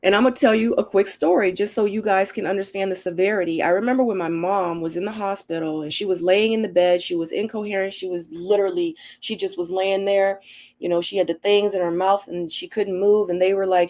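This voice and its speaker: A woman's voice: mid-range voice, fairly even intonation, a little fast, darkish tone. A middle-aged woman hosting a casual live Q&A, reading viewer comments and telling stories in an emphatic, chatty way. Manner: chatty, emphatic, storytelling with acted-out quotes.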